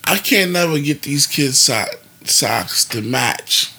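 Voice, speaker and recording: A man co-hosting a podcast, chatting casually with a gravelly, husky voice and often jumping into exaggerated quotes. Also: medium pitch, slow. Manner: expressive, jumps into exaggerated quotes. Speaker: podcast co-host. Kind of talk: casual chat.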